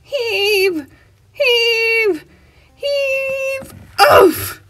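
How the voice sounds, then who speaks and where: A woman voicing a tired, put-upon hen who answers in a high, doubtful, groaning voice. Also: very animated, extremely slow, fairly bright tone, faint music behind, full character voice.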